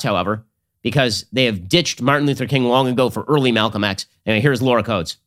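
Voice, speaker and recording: Guy host ranting fast and sarcastic, mid-pitched voice. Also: fairly bright tone. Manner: sarcastic, rapid-fire, combative. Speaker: political commentary host. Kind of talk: fast monologue commentary.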